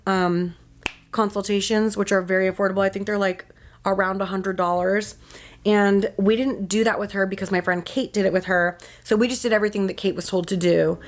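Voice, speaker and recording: A young mother chats straight to her viewers in a loose, candid way, dropping "like" all over and swearing now and then. Her voice sits at an ordinary middle pitch for a woman. Soft music plays quietly behind her. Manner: chatty, fills with "like", candid and swearing. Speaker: mom vlogger. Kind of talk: casual chat to camera.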